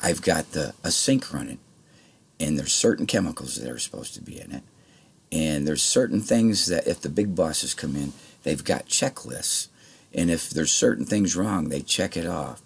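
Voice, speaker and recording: A man with a low, husky voice tells a long personal story in loose, rambling speech. He gets heated and swears freely. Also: expressive, normal speed. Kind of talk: casual spoken anecdote.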